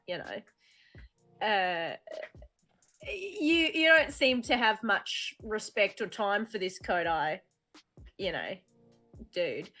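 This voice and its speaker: A woman's voice: mid-range voice, pushed and bright. A woman playing her character in a tabletop game, casual and rambling with jokes. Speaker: player. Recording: faint music behind.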